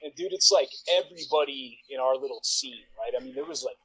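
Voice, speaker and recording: A man in his forties, a podcast guest, telling a long profane anecdote in a rambling way full of "like" and quick laughs. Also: medium pitch, noisy background. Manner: rambling, profane, filler-heavy, laughs mid-sentence. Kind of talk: casual storytelling anecdote.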